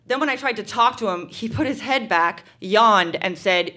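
Bright-voiced woman reading a diary on stage. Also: fairly high pitch, normal speed. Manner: dramatic, melodramatic diary reading. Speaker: reader at a live show. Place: live venue stage. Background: audience laughter.

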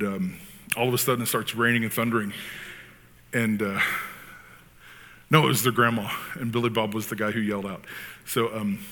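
A man preaching a sermon as pastor, talking in an animated, conversational way with frequent asides. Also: medium pitch. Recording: long hall reverb.

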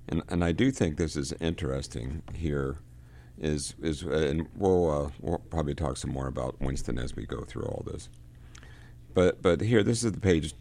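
Man with a super low creaky voice going over a book, stops and restarts a lot. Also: darkish tone. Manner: halting, often repeats words while reading and explaining. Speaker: book discussion leader. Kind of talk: casual spoken book discussion.

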